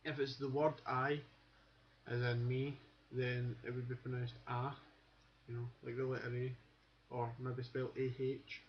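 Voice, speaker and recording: A man's voice: mid-range voice, flat delivery, normal speed, slight background noise. A man from Scotland with a Glasgow accent, giving a casual webcam lesson in a rambling way, with many fillers and restarts. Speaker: accent teacher. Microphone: webcam mic. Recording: dull lo-fi webcam audio.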